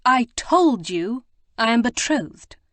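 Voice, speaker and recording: A woman's voice: fairly high pitch, sing-song, slow, fairly bright tone, no echo, pitched above the performer's own voice, full character voice. A woman voicing a spirited, prim young Regency lady who speaks with emphatic, proper indignation. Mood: indignant.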